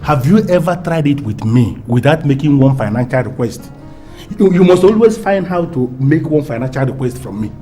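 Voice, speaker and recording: A man plays a domineering Nigerian-accented lover, menacing and grandiloquent, repeating himself for weight. His pitch sits mid-range for a man. A faint film score runs beneath him. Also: expressive, normal speed, dark tone, soft background music, close to an everyday voice. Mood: scornful. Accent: Nigerian English. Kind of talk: Nollywood film acting.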